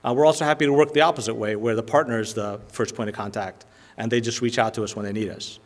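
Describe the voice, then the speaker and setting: A man's voice: steady tone, fast. A man giving a business presentation to a lunch audience, talking in a casual, filler-heavy way and often checking in with "right?". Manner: filler-heavy, conversational pitch with frequent "um" and "right?". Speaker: company presenter.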